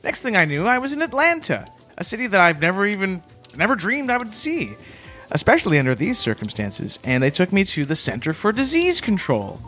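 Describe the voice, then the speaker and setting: Male comedy co-host, deadpan storyteller, bright and animated pitch, faint music under. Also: brisk. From Canada. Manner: deadpan, matter-of-fact storytelling. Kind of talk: deadpan improvised comedy chat.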